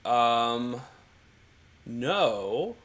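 A man co-hosting a live whiskey tasting stream, relaxed and joking. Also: mid-range voice, drawn-out words. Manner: relaxed, joking, laughs often. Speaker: co-host. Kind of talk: casual live tasting chat. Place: home in Kentucky.

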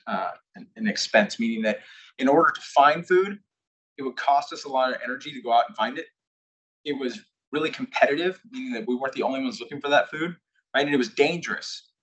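Man, husky voice, candid storyteller, invited speaker, live audience talk. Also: medium pitch, rough recording. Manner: candid storytelling, acting out shouted quotes. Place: corporate headquarters presentation room.

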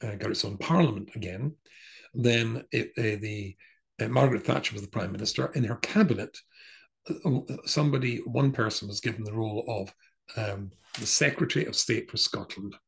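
A man's voice: on the low side, normal speed, creaky. An older man from England, a rabbi, telling a long personal story in a rambling way with many fillers and restarts. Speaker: rabbi giving a talk. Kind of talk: storytelling talk.

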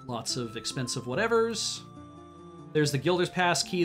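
A man streaming a game, musing out loud and hesitating as he plays. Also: medium pitch, big pitch swings, unhurried, soft background music. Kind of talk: casual game stream commentary.

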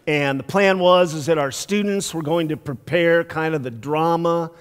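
A male pastor giving a conversational storytelling sermon, laughing often and dropping soft for emphasis. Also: a little high, normal speed, smooth. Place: church sanctuary. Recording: long church hall reverb.

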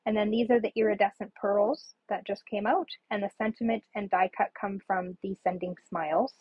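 A woman's voice: medium pitch, steady tone, normal speed, breathy edge, no echo, lo-fi sound. A woman casually showing her handmade paper cards on a live stream, chatty and rambling with many ums. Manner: chatty, rambling, frequent ums, laughs at herself. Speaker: papercraft demonstrator. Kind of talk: casual live craft demo.

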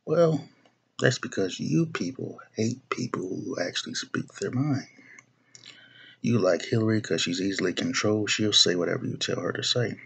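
A young man's fairly low, creaky, slightly rough voice moves at a moderate pace as he vlogs a political rant to camera. Blunt and profane, he keeps repeating himself and starting his phrases over.

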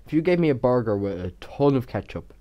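A man's voice: mid-range voice, sing-song, fast, highs cut off. A young man rambling casually as he voices over his game time lapse, stuttering and poking fun at himself. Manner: rambling, stuttering, self-mocking. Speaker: Minecraft YouTuber.

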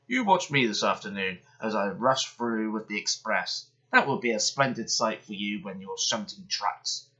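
A man's voice: on the low side, lively intonation, moderate pace, bright, forceful tone, voice pushed down. A man voicing a proud, boastful big male engine who lectures others. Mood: pompous. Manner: pompous, lecturing. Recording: dull lo-fi sound.

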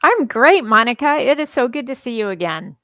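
Earnest, animated woman podcast guest. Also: fairly high pitch, fairly quick, no echo. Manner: animated, laughs often, earnest storytelling. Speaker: podcast guest, psychologist and author. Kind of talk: casual conversational interview.

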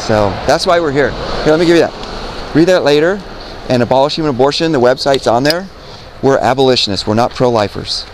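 Standing outdoors by a road, a man preaches earnestly to young people as a street preacher, repeating points, citing scripture, and asking "right?". His mid-range voice is brisk, and background noise can be heard.

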